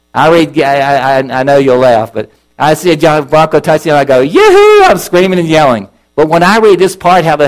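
Male preacher at a middle pitch, earnest and emotional, halting sermon delivery with restarts. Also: poor audio.

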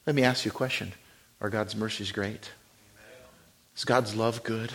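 A man preaching a sermon, dropping to hushed, near-whispered lines and then rising to loud, fervent preaching. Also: on the low side, fairly even intonation, normal speed. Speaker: pastor.

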